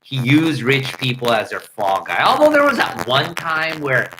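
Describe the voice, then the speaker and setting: A man hosting a livestream, ranting in an animated, profane way into a headset mic. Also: medium pitch, moderate pace, noisy background. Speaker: livestream host. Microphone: headset earpiece mic.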